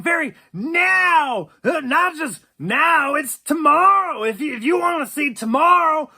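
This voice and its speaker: A man's voice: extremely high pitch, creaky, sharp tone, full character voice. An actor playing a crude, joking young man telling a story about babysitting his young cousin, laughing often. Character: cocky young man, art-scene joker. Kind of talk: storytelling monologue.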